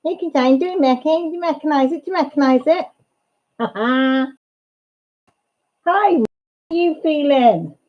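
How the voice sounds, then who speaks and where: A woman hosting a casual chat livestream, excitable, laughing and greeting viewers by name. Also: high-pitched, normal speed, long pauses. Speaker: livestream host. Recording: dull lo-fi livestream sound.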